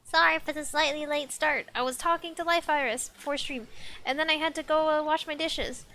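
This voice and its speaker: A woman's voice: high-pitched, fairly even intonation, fairly quick, pushed and bright, slight background noise. A young woman streaming live, chatting casually and rambling with lots of restarts.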